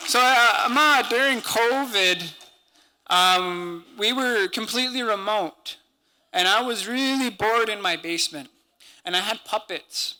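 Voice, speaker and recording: Bright, high-voiced man giving a talk. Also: unhurried. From Montana, USA. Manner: earnest, conversational, peppered with native-language words. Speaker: symposium speaker and language teacher. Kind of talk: conference talk.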